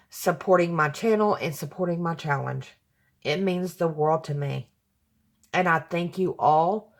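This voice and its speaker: Woman vlogger, slow and lowish, gushing with heartfelt thanks. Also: fairly bright tone. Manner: gushing, apologetic, emotional, sighs often. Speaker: crafting channel host. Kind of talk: casual chat to camera. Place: home room with hardwood floor.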